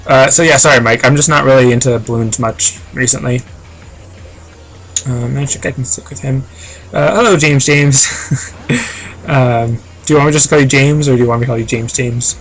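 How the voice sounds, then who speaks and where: Male streamer, casual rambling chat, lots of ums, mid-pitched voice, faint music behind. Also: normal speed, pauses often, fairly bright tone. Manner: rambling, filler-heavy, reads chat aloud.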